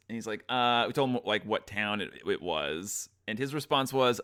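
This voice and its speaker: A man's voice: on the low side, brisk, few pauses, fairly bright tone, clear, resonant tone. A man hosting a casual podcast chat, playful and jokey. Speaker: podcast host.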